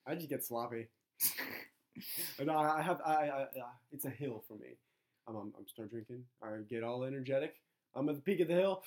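A man's voice: mid-range voice, fairly quick, a little mellow. A young man co-hosting a podcast, throwing in crude, wisecracking asides during casual chat. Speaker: podcast co-host.

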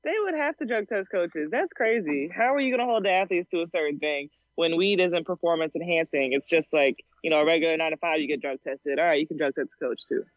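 A man's voice: on the high side, fast talker, few pauses, no room sound. A man co-hosting a casual podcast chat, reacting with short, incredulous remarks. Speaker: podcast co-host. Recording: dull lo-fi mic.

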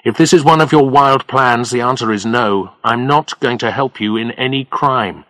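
A man's voice: medium pitch, sing-song, unhurried, a bit bright. A man voicing a cautious, stern middle-aged man, speaking in guarded, curt lines in a storybook reading. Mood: wary.

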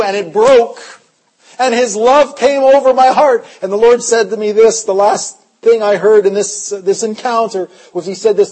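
A man preaching a sermon with a rather high voice. He moves between hushed, slow confession and loud, urgent, rising appeals. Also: fairly even intonation, rough recording. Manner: impassioned, swings from hushed to loud. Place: conference hall.

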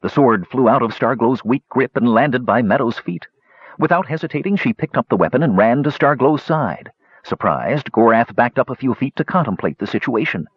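A man narrating a fantasy story aloud in an expressive, lively reading voice. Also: medium pitch, normal speed, husky, no room sound. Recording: dull dry lo-fi recording.

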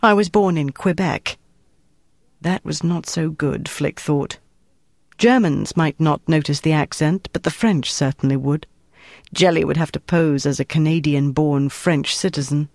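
Gravelly, dry audiobook narrator. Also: mid-range voice, a little slow, a little mellow, dry recording. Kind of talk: scripted narration.

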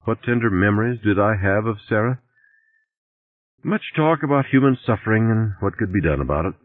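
Man doing a dry wry audiobook read, deep voice, flat dead room. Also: normal speed, dry recording. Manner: dry, wry first-person narration. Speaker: audiobook narrator. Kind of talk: audiobook reading. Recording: tinny dry lo-fi recording.

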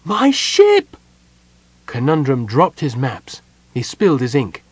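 A man narrating a fantasy audiobook in a steady, measured storytelling manner. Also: medium pitch, breathy edge, no room sound.

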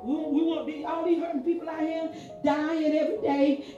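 Woman pastor, fervent sermon with shouted peaks; distant echoey church room, music under. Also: sits high, flat delivery, normal speed, muffled recording. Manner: fervent, rising to shouts, repetitive call-outs.

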